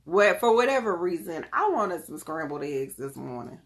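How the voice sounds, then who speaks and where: A woman's voice: on the low side, moderate pace. Chatty woman talking to her viewers. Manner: chatty, lively, often laughing; talks straight to the audience. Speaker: wellness vlogger. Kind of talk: casual chat to viewers.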